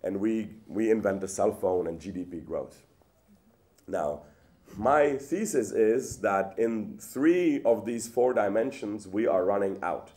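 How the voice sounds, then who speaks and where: Give me a low, mellow-voiced man lecturing with lively rhetorical questions. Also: unhurried. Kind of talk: public lecture. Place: lecture hall.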